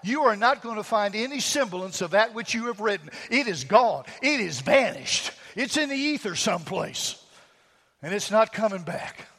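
A man with a notably high voice preaches a sermon, building his points through homely stories and rhetorical questions. His voice rings out in a hall with a long, lingering reverb. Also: expressive, moderate pace, a bit bright. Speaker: pastor.

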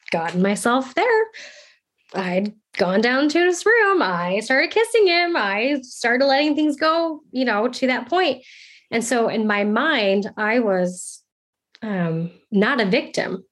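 Young adult woman, storytelling, earnest, reflective, halting delivery. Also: medium pitch. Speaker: storyteller sharing a personal experience. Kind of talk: personal storytelling.

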